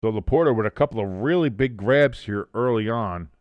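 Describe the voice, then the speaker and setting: A man hosting a live watch-along stream, calling the game play by play and reading out chat comments, with bursts of excitement on big plays. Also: lowish voice, a little fast, no room sound, muffled recording. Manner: swears casually.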